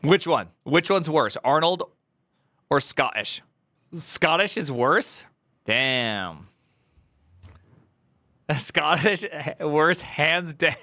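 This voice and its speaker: Male streamer, casual reaction chat, bright tone, rambling delivery. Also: a little high, lively intonation, drawn-out words, pauses often, dry recording. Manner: rambling, restarts, loud joking asides.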